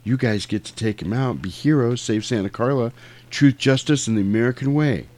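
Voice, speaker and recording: A man's voice: mid-range voice, brisk, darkish tone, lightly acted. A man voicing an eager young boy who rallies his friends to hunt a vampire. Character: excited kid brother chasing vampires.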